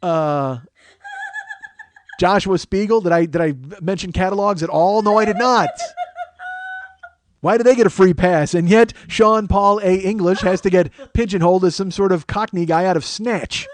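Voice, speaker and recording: A man in his forties hosts a comedy podcast in loose, casual chat. His voice sits a little high, and he rambles, jokes crudely and makes fun of himself. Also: normal speed. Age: 40s. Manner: rambling, self-mocking, crude. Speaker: podcast host.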